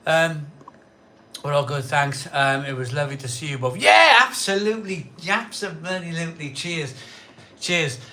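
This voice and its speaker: A middle-aged man with a slightly high voice hosts a live craft beer stream, speaking unhurriedly over a faint hiss or hum. A pint or two has left him a bit tipsy, so his casual chat rambles and repeats itself, punctuated by loud, cheery greetings.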